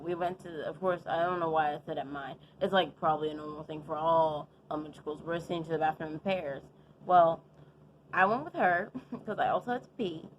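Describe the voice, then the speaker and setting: A young woman with a lowish voice tells a story straight to camera in a loose, chatty way. She keeps throwing in fillers and side comments as she goes. Faint noise sits behind her. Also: low-quality recording. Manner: chatty and animated, full of fillers and asides. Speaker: vlogger. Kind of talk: casual storytime monologue. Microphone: adjusting the camera setup while talking.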